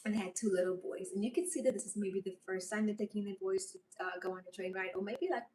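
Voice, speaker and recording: A woman's voice: medium pitch, fairly even intonation, fast talker, mellow. Woman rambling on a livestream, sorta far from the mic, bit of hiss. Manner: rambling and openly emotional. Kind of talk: casual livestream chat reading comments.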